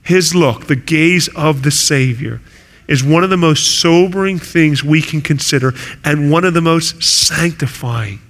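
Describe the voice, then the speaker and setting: A man's voice: fairly high pitch, a little slow, a bit bright. A man preaching a sermon as pastor, earnest and building to intense emphasis. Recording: preaching in a hall with long reverb.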